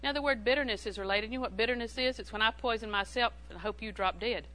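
A woman's voice: on the high side, fast talker, pushed and bright, low-quality recording. A woman preaching a sermon in a humorous, conversational way, repeating phrases for emphasis.

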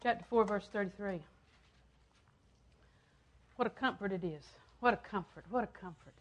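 An older woman preaching a sermon, repeating phrases for emphasis and swinging from loud, emphatic lines down to hushed ones. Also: medium pitch, moderate pace.

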